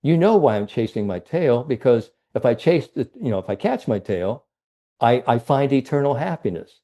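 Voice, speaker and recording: A man's voice: mid-range voice, lively intonation, moderate pace, warm tone, natural voice. A man voicing a restless, eager young male tomcat in a spoken fable.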